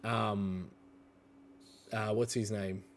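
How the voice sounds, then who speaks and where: A man's voice: on the low side, fairly even intonation, very slow, creaky, a little hiss or hum. A man narrating a tabletop game as game master, hesitant and full of fillers.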